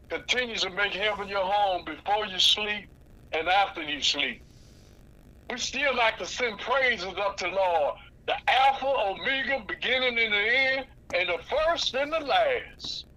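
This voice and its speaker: A male pastor leads a spoken prayer in slow, measured phrases. His voice sits high and sounds bright and clear. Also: animated, low-quality recording.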